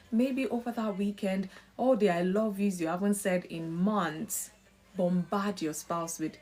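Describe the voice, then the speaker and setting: Female host, lively, preachy and chatty, slips into family voices. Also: medium pitch. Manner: animated, acts out quoted family voices. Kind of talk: live-stream marriage talk.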